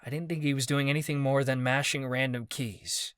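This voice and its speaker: A man narrating a first-person fantasy audiobook in a steady, measured way. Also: mid-range voice, smooth, no echo, clean studio sound.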